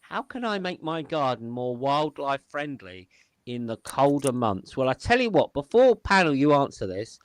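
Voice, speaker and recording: A man's voice: medium pitch, very animated, moderate pace, dry recording. A man hosting a panel show over a video call, playful and theatrical, chatting with his guests. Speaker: host.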